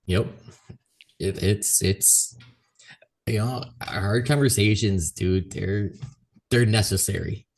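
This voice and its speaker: Deep-voiced laid-back podcast man. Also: slow, creaky, long pauses. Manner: laid-back, profane, backs up his co-host. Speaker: podcast co-host. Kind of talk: casual chat.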